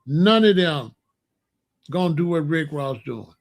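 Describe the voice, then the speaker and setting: A man's voice: on the high side, animated, a little slow, gravelly. A man telling a street story in a repetitive, emphatic monologue. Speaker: podcast host.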